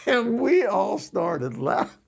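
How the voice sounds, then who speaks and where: Brief: male host, casual comic storyteller, lively up-and-down delivery, gravelly edge, keeps cracking up. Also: sits high, slow, heavy background noise. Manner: laughs often through the telling. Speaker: show host.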